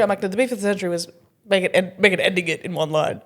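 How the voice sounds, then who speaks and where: A young woman from Australia co-hosting a podcast, chatting casually and acting out quotes with sudden pitch jumps and laughter. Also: expressive, fast talker. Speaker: podcast co-host, comedian. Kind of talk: casual chat.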